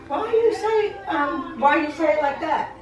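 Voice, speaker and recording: A woman at home gently asking a toddler questions in casual talk. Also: high voice, lively intonation, moderate pace, far from the mic, noisy background. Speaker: family member. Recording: echoey room, away from the camera.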